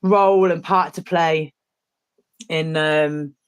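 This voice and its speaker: A woman's voice: sits low, steady tone, takes it slowly, clean tone. A woman with a British accent chatting casually while painting, rambling and hesitant with many fillers. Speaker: co-host.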